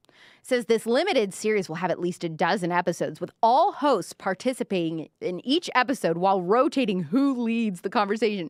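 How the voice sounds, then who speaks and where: A woman's voice: mid-range voice, animated, fairly quick, darkish tone, no room sound, studio quality. A woman hosting a live-stream commentary show, talking sarcastically and mockingly. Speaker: podcast host.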